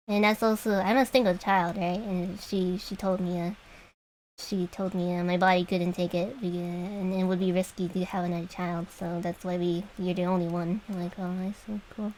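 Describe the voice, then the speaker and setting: A woman's voice: lowish voice, flat delivery, normal speed, slight background noise, low-quality recording. A young woman streamer chatting casually with viewers while she draws, rambling and laughing often. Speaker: vtuber streamer.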